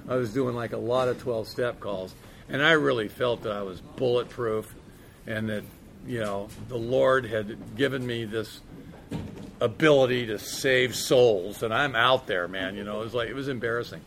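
A man's voice: medium pitch, normal speed, creaky, a bit bright, slight background noise. A man candidly telling a recovery story in a casual, profane way, peppered with "man" and "you know". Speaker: speaker sharing his recovery story.

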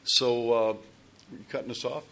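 A man's voice: medium pitch, fairly even intonation, moderate pace, pushed and bright. A man telling a long personal story to a recovery group, rambling with restarts and asides. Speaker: speaker sharing at a recovery meeting.

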